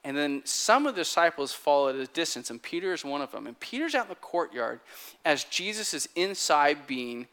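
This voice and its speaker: Preacher guy, bright forceful voice, animated storytelling, talks like chatting with the room. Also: mid-range voice. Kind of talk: sermon.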